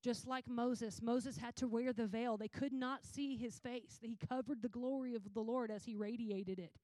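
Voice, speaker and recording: A woman preaches a sermon and retells scripture stories in an animated, casual way with slang. Her voice sits high. The recording is close and dry, with no room sound. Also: normal speed, dry recording.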